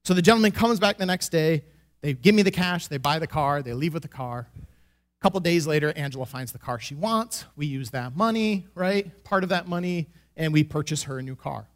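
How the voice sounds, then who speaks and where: A man with a notably high-pitched voice tells a personal faith story into a microphone. He is animated and self-deprecating, and he laughs often at himself as he goes. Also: a little fast. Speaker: church member giving a testimony.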